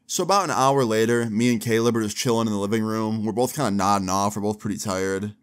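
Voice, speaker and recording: A young man telling a story to camera in a casual, animated way, with slang and swearing, acting out what other people said. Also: lowish voice, fast. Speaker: storyteller vlogger.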